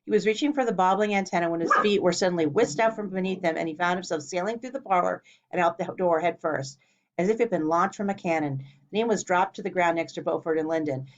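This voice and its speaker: A woman reading a children's storybook aloud in a clear, steady way. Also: lowish voice, fast. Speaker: narrator. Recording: dull lo-fi recording.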